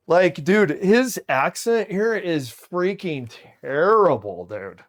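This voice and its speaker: A male streamer reacting to a video in casual chat. He is slangy, keeps saying "dude" and thinks out loud. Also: sits high, big pitch swings, slow pace, few pauses.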